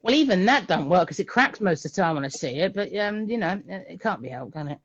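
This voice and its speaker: A man from England, a magician and puppeteer, chatting as a guest on a live stream in a jokey, animated way. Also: high-pitched, fast talker, vocal fry, dull audio. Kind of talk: casual chat on a live stream.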